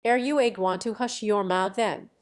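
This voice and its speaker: A bossy young boy with a Smoky Mountain accent, read by a woman, hisses his words low and threatening. She keeps him near her own middle-pitched voice. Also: normal speed, lightly acted. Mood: hushed. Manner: hushed, threatening.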